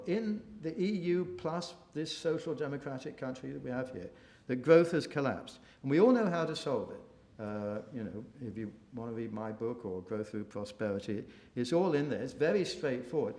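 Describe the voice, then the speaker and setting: A man speaking at a policy briefing event, halting often with restarts and fillers, mocking opposing views. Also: mid-range voice, a little mellow. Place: event room. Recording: echoey room.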